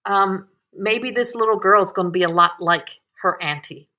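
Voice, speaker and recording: A woman in her thirties, a psychic medium hosting a live stream, talking softly and emotionally with sighs and pauses. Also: mid-range voice. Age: 30s. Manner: soft, emotional, tearful at times, frequent sighs. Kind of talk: live-streamed reading, casual chat.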